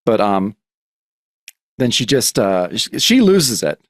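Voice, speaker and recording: A man's voice: lowish voice, big pitch swings, takes it slowly, no room sound, studio quality. A man co-hosting a podcast, casually recapping a comic book, laughing, swearing and acting out the characters' lines. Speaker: podcast co-host. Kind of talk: casual chat reading comics aloud.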